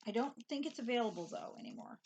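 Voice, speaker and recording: A woman's voice: fairly high pitch, lively intonation, fast, darkish tone, lo-fi sound, slight background noise. A woman with children, co-hosting a casual stitching chat, talking dryly and matter-of-factly with fillers. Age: adult parent. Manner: dry, matter-of-fact, with restarts and fillers. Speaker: co-host of a stitching show.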